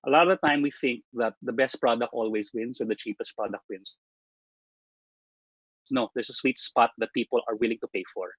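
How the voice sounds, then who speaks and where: A man giving a presentation on marketing, speaking emphatically, starting phrases high and letting them trail off. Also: fairly quick, slightly rough, no echo. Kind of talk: presentation talk. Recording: dull lo-fi dry sound.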